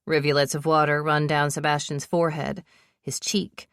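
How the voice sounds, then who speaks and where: A woman's voice: low voice, level tone, moderate pace, no room sound, clean studio sound. A woman narrating a romance audiobook in first person, telling the story with breathless urgency.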